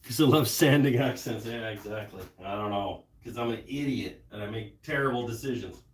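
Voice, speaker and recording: A man's voice: lowish voice, roomy sound. A man chatting casually and muttering to himself while he sands a piece on a lathe during a live stream. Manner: slow, rambling, self-deprecating muttering while sanding. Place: woodworking shop. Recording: live stream with shop noise behind.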